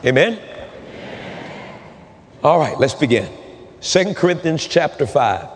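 A man's voice: a little high, very animated, a faint crowd, slight background noise. Fervent male preacher in a reverberant church. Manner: fervent preaching, swings between rapid talk and drawn-out shouted phrases. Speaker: pastor. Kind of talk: sermon. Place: church sanctuary. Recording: long hall reverb.

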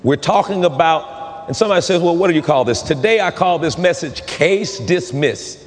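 A fervent male pastor preaching with a fairly high-pitched voice. He races through some lines and stretches others into loud, drawn-out calls. A long reverb hangs on his words in the church. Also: expressive, slight background noise. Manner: fervent preaching, swings between rapid talk and drawn-out shouted phrases. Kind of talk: sermon. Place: church sanctuary.

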